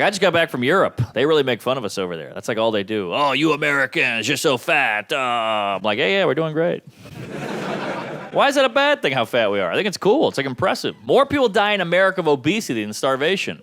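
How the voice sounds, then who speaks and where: Animated man doing stand-up. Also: fairly high pitch. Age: 30s. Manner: animated, voices quoted characters, punchy delivery. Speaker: stand-up comedian. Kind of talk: stand-up comedy set. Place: comedy club stage with a laughing audience.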